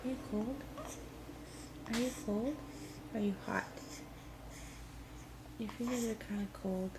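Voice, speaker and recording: A woman coos to a baby in a high, unhurried voice. She coaxes and repeats her questions softly. The home video recording has a clear hiss of background noise. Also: echoey room. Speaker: parent talking to a baby.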